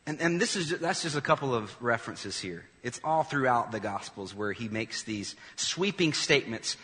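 A male pastor preaching a sermon in an animated, emphatic way, with quick asides to the congregation. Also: mid-range voice, in a large hall.

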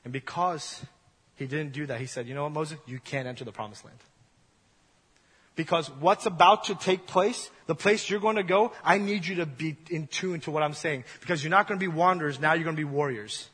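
A young man preaches in a church hall, keeping it casual and acting out little scenes as he goes. His voice sits high and sounds bright and a little husky. Long reverb rings off the walls of the hall. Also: a little fast. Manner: casual, joking storytelling, acts out voices. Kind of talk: sermon.

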